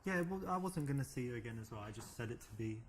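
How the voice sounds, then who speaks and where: A man's voice: medium pitch, lively intonation, fast talker, a little hiss or hum, close to an everyday voice. A man plays a cocky Englishman with a British accent, trying to charm a woman in a dating game. He boasts with awkward self-assurance. A faint ambient murmur sits behind him. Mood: confident. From England.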